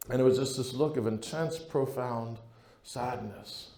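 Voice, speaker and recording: A man with a warm, mellow voice gives an earnest talk to a conference crowd. He speaks in a casual, personal way and keeps checking in with his listeners. The sound rings in a large echoey hall. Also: medium pitch, moderate pace. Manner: earnest, conversational, keeps asking "right?". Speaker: priest.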